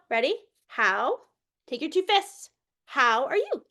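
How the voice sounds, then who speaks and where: A woman presenting an early childhood workshop, playful and animated, talking straight to the group like a teacher. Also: sits high, takes it slowly.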